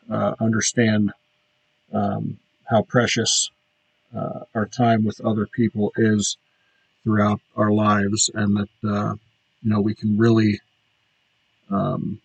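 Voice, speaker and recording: A man hosting his podcast, talking through a reflective solo monologue with frequent pauses and fillers. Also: on the low side, vocal fry, husky, no echo, rough recording. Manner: reflective, halting with many fillers. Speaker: podcast host.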